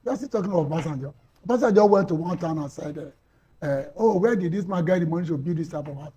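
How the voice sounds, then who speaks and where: Nigerian guy ranting on a talk panel, high pitched, husky and kinda dark tone, lots of who-are-you questions. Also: expressive, fast. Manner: impassioned, rhetorical questions, repeats for emphasis. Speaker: panel guest. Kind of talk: heated panel debate.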